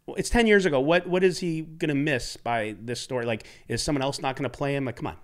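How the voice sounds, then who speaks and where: A man's voice: medium pitch, quick pace. Blunt, pushy male interviewer who swears freely. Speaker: podcast host. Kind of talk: casual interview.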